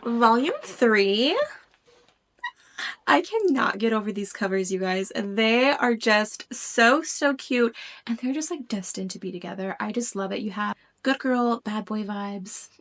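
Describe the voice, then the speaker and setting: A woman, chatting excitedly about her books and now and then dropping to a whisper. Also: mid-range voice, normal speed. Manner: gushing, excitable, drops into whispers. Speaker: book vlogger. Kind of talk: casual book haul chat.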